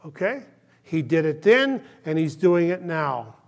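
A male pastor preaching a sermon, impassioned and then hushed, checking in with "okay?" often. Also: on the high side, big pitch swings, a little slow, creaky. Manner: impassioned, drops to hushed tones, frequent "okay?" check-ins.

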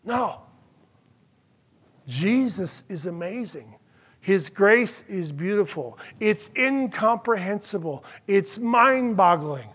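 High-voiced man preaching a sermon. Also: expressive, a little slow. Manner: earnest storytelling, drops to a hush in tender moments. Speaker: pastor.

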